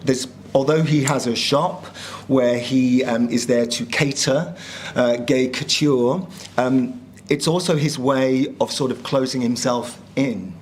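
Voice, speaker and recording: A man in his fifties with a northern English accent, an actor talking reflectively in an interview, pausing often with fillers. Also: mid-range voice, steady tone, slight background noise. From northern England. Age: 50s. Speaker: actor guest. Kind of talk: casual interview chat.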